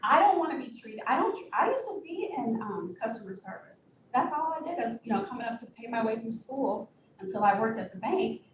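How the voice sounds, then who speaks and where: A woman executive director telling candid stories in an interview, blunt and animated, with sudden high-pitched bursts. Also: brisk, few pauses. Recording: echoey room, distant mic, audible noise.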